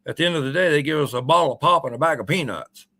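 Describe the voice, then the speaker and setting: This is a man in his sixties, a guest on a radio show, telling a long personal story in a loose, folksy manner. His voice sits a little high and sounds bright and forward, and he wanders through his sentences with plenty of uhs and ums. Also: rapid-fire. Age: 60s. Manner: rambling, folksy, full of uh and um. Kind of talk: casual storytelling.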